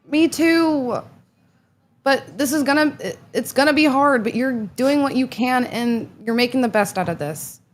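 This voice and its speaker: A woman calmly reassuring a friend in casual chat on a stream. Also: high-pitched, measured pace. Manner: soothing, reassuring.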